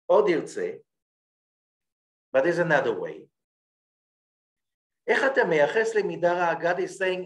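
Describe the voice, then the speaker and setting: A man giving a Torah class, his voice sitting a little high for a man. He reads Hebrew lines at speed, then slows down to explain them in plain English, with a frequent "okay?" to his listeners. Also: expressive. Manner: checks in with listeners by saying "okay?". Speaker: rabbi teaching Kabbalah.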